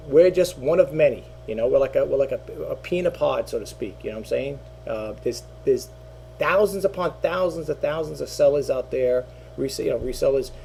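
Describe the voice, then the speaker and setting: A man's voice: fairly high pitch, dark tone, slightly rough. A middle-aged man talking casually to his channel as an online reseller, rambling and repeating himself, with lots of fillers. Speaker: eBay reseller and YouTuber. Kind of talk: casual talking-head monologue.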